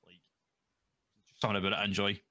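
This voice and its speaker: A man's voice: fairly low pitch, monotone, quick pace, bright, forceful tone, no room sound. A Scottish man chatting as a guest in a casual interview, rambling, swearing freely and laughing often. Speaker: guest roleplayer.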